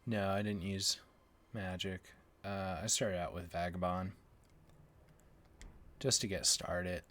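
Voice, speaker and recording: A man's voice: deep voice, little pitch movement, slow pace, a bit bright. A man streaming a game for the first time, thinking aloud in a casual, unsure way as he works through menus. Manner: thinking aloud, unsure, mumbling menu names. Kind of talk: casual gameplay chat.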